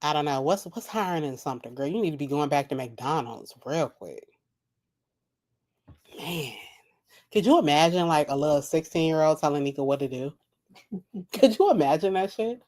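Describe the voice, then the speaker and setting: Reaction host: woman with a lower voice, blunt and profane, cracks herself up. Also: lively intonation, normal speed, long pauses, a little mellow. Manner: blunt, profane, laughing at own jokes. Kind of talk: casual live reaction commentary. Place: home at night.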